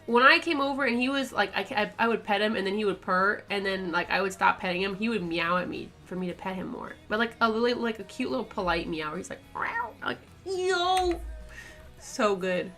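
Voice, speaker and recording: A woman's voice: medium pitch, fast talker, few pauses, bright, forceful tone, faint music behind. A woman chatting casually on her art stream, rambling with lots of fillers and little laughs. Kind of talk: casual chat while drawing on stream.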